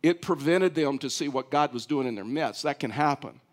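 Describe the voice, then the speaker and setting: A man preaching a sermon in an animated way, repeating phrases and acting out mocking voices. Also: on the high side, moderate pace. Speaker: pastor.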